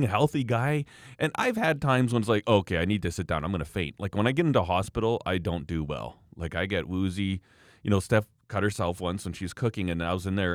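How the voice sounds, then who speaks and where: A man's voice: lowish voice, dry recording, clean studio sound. A man in his thirties telling a story in casual chat, laughing often and acting out quotes.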